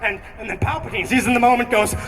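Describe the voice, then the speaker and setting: A young man doing stand-up comedy on a theatre stage, excitable and rambling with many fillers. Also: extremely high pitch, fast, in a large hall, loud music behind the voice. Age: young adult. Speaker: student comedian. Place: theatre stage before an audience. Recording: distant stage recording with audience.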